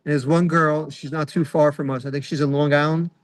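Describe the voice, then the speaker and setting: A man's voice: fairly high pitch, little pitch movement, brisk, no echo, poor audio. A middle-aged man doing a rambling stand-up comedy set over a video call, full of fillers and acted-out quotes. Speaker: stand-up comic.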